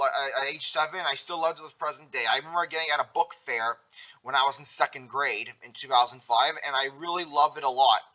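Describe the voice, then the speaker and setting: A man's voice: fairly high pitch, bright, forceful tone, highs cut off. A man in his twenties, a video host reading a storybook aloud and chatting fondly afterward, often repeating himself. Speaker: storybook reader. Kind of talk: read-aloud narration.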